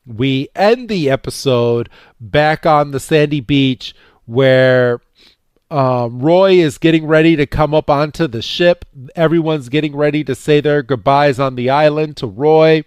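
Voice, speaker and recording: A man co-hosting a podcast, casually recapping a cartoon episode and acting out the characters' lines with a jumpier, higher voice, full of fillers and repeats. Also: measured pace, clear, resonant tone, no echo, studio quality. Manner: animated retelling, acting out characters' lines with raised pitch; many fillers and repeated words. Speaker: podcast co-host.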